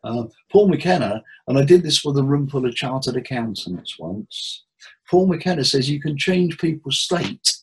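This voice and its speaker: A man, a therapist, giving tips in a relaxed interview with jokes and acted-out quotes. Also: mid-range voice, moderate pace, a little hiss or hum, poor audio. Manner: jokey, anecdotal, acts out quotes. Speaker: therapist and hypnotherapist guest.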